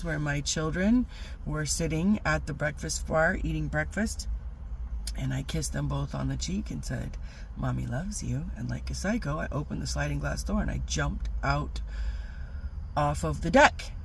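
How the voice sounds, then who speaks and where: A middle-aged woman telling a rambling personal story in a casual vlog, animated and full of fillers. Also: sits low, creaky, a little hiss or hum. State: teary-eyed. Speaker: vlogger.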